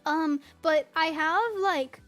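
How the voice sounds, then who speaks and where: A woman's voice: high-pitched, fairly even intonation, slow, fairly bright tone, soft background music. A woman streamer with a light New England accent, chatting casually with her chat in a rambling, giggly, talkative way. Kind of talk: casual livestream chat, reading chat.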